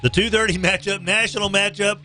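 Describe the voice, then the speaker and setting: A man's voice: fairly even intonation, fairly quick, pushed and bright, faint music behind. A man hosting a morning radio show, joking through sports updates and live ad reads in a bouncy, playful way. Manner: jokey, bouncy delivery with swings in pitch.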